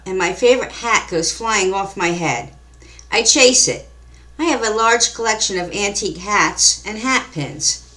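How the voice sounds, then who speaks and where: A woman reading her own mystery story aloud in a calm, measured storytelling manner. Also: medium pitch. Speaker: author and narrator. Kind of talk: scripted story narration.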